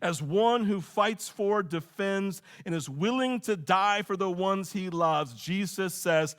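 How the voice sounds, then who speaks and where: A middle-aged man preaching a sermon, telling a childhood story in an animated, conversational way and often checking in with "right?". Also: high voice, takes it slowly, few pauses, clear, resonant tone. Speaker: pastor.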